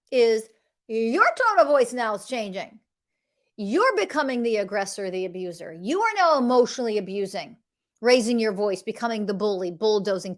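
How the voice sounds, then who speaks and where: A middle-aged woman delivering an impassioned, confrontational monologue as a podcast host, swearing freely. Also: medium pitch. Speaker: podcast host, emotional health coach.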